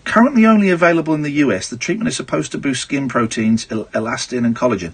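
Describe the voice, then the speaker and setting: A man hosting a late-night radio show, joking in an irreverent, animated way. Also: mid-range voice, fast, few pauses, breathy edge. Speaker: radio host. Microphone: studio microphone.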